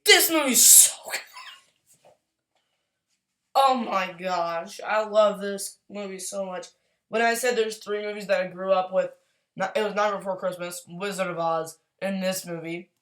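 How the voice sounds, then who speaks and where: A woman chatting casually as a YouTuber, gushing and excitable, rambling along with quick apologies. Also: mid-range voice. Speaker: YouTuber ranking movies. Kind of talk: casual tier-list chat.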